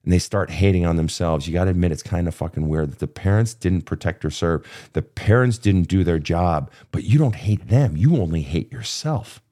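A man's voice: sits low, normal speed, hardly any pauses, dark tone. A man in his fifties coaching a guest through childhood pain in a blunt, profane, impassioned way. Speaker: therapist host. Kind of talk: emotional coaching session.

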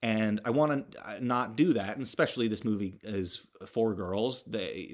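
A man's voice: on the low side, measured pace. A young man hosting a podcast, recapping a film in a rambling, sardonic way with lots of fillers and restarts, sometimes swearing for emphasis. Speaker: podcast host.

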